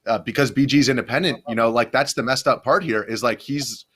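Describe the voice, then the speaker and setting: A man's voice: mid-range voice, a little fast, fairly bright tone, slightly rough. A young adult man, a video journalist, rambling through a story in a casual podcast interview, full of restarts and fillers.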